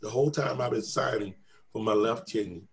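Gravelly middle-aged man telling his story. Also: lowish voice, brisk. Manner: animated, acts out quoted voices. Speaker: guest telling his testimony. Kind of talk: personal storytelling testimony.

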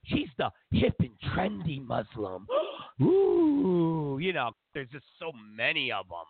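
A man's voice: mid-range voice, very animated, normal speed, vocal fry, husky, no room sound. A man hosting a talk show, delivering a sarcastic, digressive, opinionated rant. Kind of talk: opinionated monologue. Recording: dry, phone-like narrow sound.

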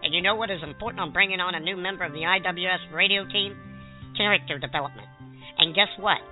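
A man playing a deadpan newcomer persona on an internet radio show, delivering a scripted comic monologue in a dry, matter-of-fact way. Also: sits high, quick pace, lightly acted. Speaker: comic segment character. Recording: tinny phone-line sound with faint music.

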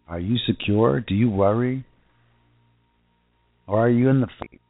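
A man preaching an informal sermon in earnest, asking rhetorical questions and repeating himself, and reading scripture slowly. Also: mid-range voice, dry recording. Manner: slow deliberate scripture reading. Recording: tinny phone-like sound with faint music.

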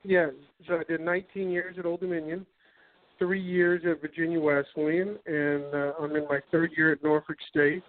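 50s guy calling into a radio show, chill and friendly, slightly high voice, phone line sound. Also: level tone, moderate pace. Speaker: guest, college tennis coach.

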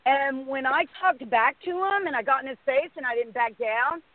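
A middle-aged woman hosting a casual chat, telling stories in an animated way and acting out what others said. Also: high voice, moderate pace, dry recording. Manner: animated storyteller, acts out quotes. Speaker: host. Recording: tinny phone line.

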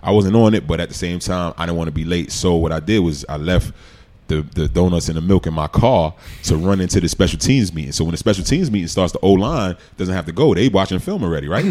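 A man, telling stories as a guest in a casual interview, animated and laughing often. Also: low voice, fast talker. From New York City. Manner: animated storyteller, laughs often, acts out quotes. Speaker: podcast guest, former football player.

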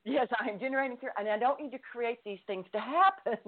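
A woman's voice: a little high, brisk. A middle-aged woman author telling a personal story in an interview, earnest and given to laughing. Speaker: guest author. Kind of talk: interview over the phone. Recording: tinny phone line.

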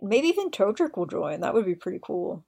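A woman's voice: mid-range voice, very animated, a little fast, creaky, dark tone, breathy edge. A woman hosting a podcast, eagerly recounting scenes in detail with open admiration. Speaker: podcast host. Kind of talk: casual chat.

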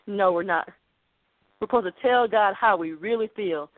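A woman's voice: mid-range voice, unhurried, dry recording. Woman preaching over a phone-like line. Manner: earnest, conversational preaching. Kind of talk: podcast sermon. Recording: dry, phone-like narrow sound.

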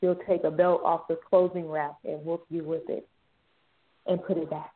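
A woman's voice: low voice, level tone, moderate pace. A woman co-hosting a podcast, telling slangy stories in casual chat. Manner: slangy, laughing storyteller. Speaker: podcast co-host. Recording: tinny phone-like line with faint noise.

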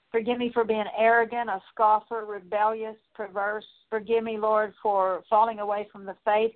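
A woman leading a spoken prayer of repentance, earnest and steady, working through a long list with frequent small fillers. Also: mid-range voice. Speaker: prayer minister. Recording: tinny phone-like line.

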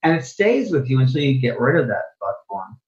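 A man speaks as a guest in a casual interview, explaining his spiritual work earnestly. He often repeats or restarts a phrase before going on. His voice sits at a middling pitch, and the recording sounds dull and lo-fi. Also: sing-song, a little fast.

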